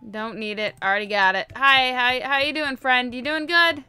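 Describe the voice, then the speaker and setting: A woman's voice: sits high, normal speed, sharp tone, smooth, faint music behind. A woman giving casual, playful let's-play commentary, chatting to her viewers and repeating herself often. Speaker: gaming video host.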